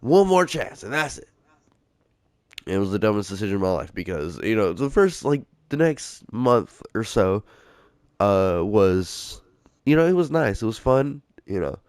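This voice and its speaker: A young man with a fairly low voice tells a story on his podcast. He rambles, swears freely and pads his sentences with "uh" and "like". The sound is close and dry. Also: very animated, moderate pace, darkish tone, smooth, no room sound. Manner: rambling and profane, heavy filler words. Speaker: podcast host. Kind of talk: casual storytelling.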